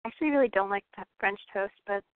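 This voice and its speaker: A woman's voice: mid-range voice, racing, dry recording. A woman with a Michigan accent interviewing a guest, giggling as she reads out viewer questions over a call. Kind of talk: casual online interview. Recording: dry tinny phone-like call audio.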